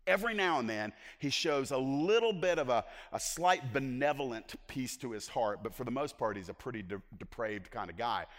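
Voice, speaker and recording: A man preaching a sermon as pastor, swinging between loud emphatic lines and hushed asides. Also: mid-range voice, expressive, normal speed, hardly any pauses, in a large hall.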